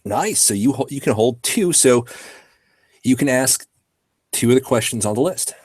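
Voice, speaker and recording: A man running a tabletop game as game master, relaxed as he explains the rules plainly. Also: medium pitch, normal speed, slightly rough, dry recording, clean studio sound. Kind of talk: running a tabletop game over an online call.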